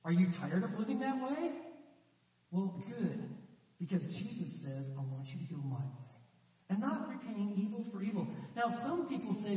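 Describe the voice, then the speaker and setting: A man preaching a sermon with animated storytelling, acting out the voices in his stories. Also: high-pitched, moderate pace. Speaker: pastor. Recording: echoey hall from far off, dull sound.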